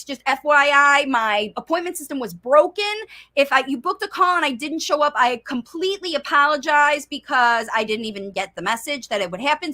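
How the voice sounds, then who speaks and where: Bright, lively woman speech coach. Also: sits high. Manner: animated, acts out child's voice. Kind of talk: live Q and A chat.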